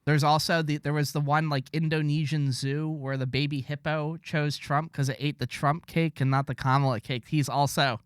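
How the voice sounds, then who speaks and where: A man co-hosting a casual podcast, spinning long sarcastic tangents with mock boasting. His voice sits a touch high for a man, recorded close and completely dry with no room sound. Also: level tone, moderate pace, hardly any pauses, smooth, dry recording. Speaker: podcast co-host.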